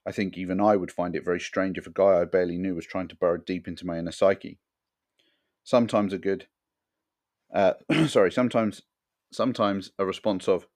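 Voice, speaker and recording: Deep-voiced man, earnest podcast monologue. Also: a little mellow. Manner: frank, earnest. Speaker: podcast host.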